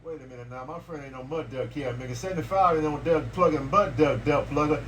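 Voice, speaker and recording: A man's voice: on the high side, quick pace, far from the mic, very noisy. A man chatting on a CB radio, calling out handles and repeating himself in slangy back-and-forth banter. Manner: repetitive, slangy call-and-response banter. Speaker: CB radio operator.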